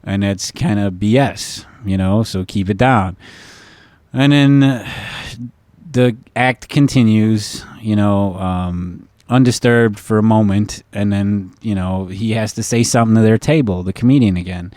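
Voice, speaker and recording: Rambling, profane man with a low voice. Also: a little slow, darkish tone, no echo. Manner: profane, rambling, many fillers. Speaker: podcast host. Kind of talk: casual storytelling.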